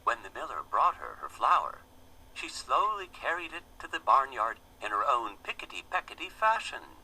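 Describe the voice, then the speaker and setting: A man reading a children's fable aloud in a gentle, expressive storybook manner. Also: mid-range voice, moderate pace, slightly rough, rough recording.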